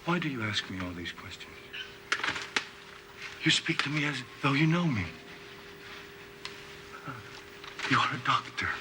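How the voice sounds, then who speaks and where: An actor playing a tormented, childlike male creature in a 1970s TV horror drama, speaking in halting, plaintive phrases. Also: medium pitch, big pitch swings, background noise, close to an everyday voice. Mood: bewildered.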